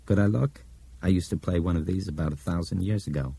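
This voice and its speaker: A man voicing a calm grown man who talks gently and coaxingly in an audiobook. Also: deep voice, quick pace, vocal fry, husky, dry recording, full character voice.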